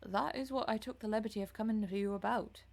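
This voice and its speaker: A woman voicing a deferential working-class male gamekeeper with a rough, vaguely rural put-on accent. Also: medium pitch, fast talker.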